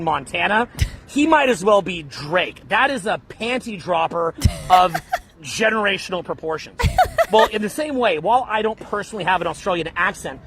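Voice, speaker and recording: A man from Canada lectures on dating in a brash, blunt way and keeps calling his listener bro. His voice sits high for a man. Faint background noise runs under the recording. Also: fairly bright tone. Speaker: dating coach. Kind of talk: lecture-style advice talk.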